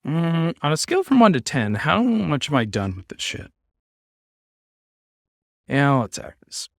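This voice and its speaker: A man's voice: on the high side, sing-song, a little slow, gravelly, dry recording, clean studio sound. A man streaming a card game, giving casual commentary with wry, sarcastic asides.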